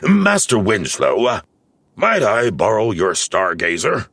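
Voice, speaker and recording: A wise, reassuring old Smurf elder, as a man voices him for a storybook. He speaks a little higher than the man's own low voice and mulls things over aloud. The sound is dry and close. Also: huge pitch swings, takes it slowly, a bit bright, no echo, heavily acted.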